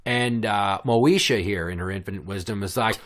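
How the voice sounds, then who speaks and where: A man's voice: fairly low pitch, moderate pace, a bit bright. A man hosting a podcast, telling a story in a blunt, sarcastic, profane rant. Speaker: podcast host. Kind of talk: casual ranting storytelling.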